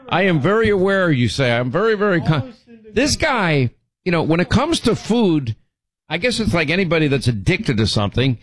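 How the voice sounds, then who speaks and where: A man's voice: fairly high pitch, big pitch swings, moderate pace. A middle-aged man hosting a show, telling rambling stories and teasing his co-host in casual banter. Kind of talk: casual on-air storytelling.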